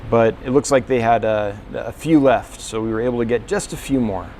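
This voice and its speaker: A man's voice: medium pitch, a little fast, darkish tone, a little hiss or hum. A man who runs a fish store, talking casually through a store tour, rambling a little with fillers and self-corrections.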